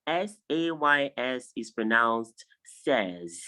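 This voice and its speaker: A man teaching an online phonology lesson on a video call, drilling each word slowly and insistently correcting pronunciation. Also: mid-range voice, expressive, a bit bright, rough recording. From Nigeria. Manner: drills words, repeating them slowly for students. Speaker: English tutor.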